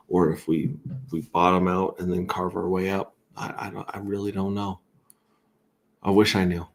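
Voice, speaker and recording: A low-voiced man with a gravelly edge chats loosely through a livestream. He wanders between thoughts, restarts sentences and drops wry asides as he goes. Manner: rambling, self-interrupting, wry asides. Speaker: crypto livestream host. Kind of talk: casual livestream commentary.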